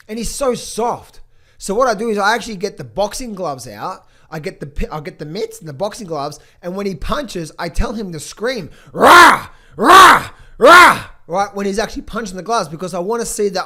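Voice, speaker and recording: A hoarse man in his thirties or forties, a trading coach giving blunt, emphatic motivational talk and market commentary in a vlog. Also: high-pitched, a bit bright. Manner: emphatic, blunt, swears freely.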